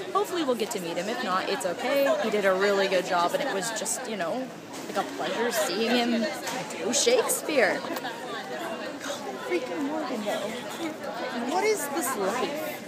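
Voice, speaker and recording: A young woman chatting excitedly in a casual travel vlog, filmed on a handheld camera outdoors in busy city streets. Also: fairly high pitch, brisk. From United States. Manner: excitable, gushing, giggly fan chatter. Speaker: travel vlogger. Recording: loud outdoor crowd and street noise.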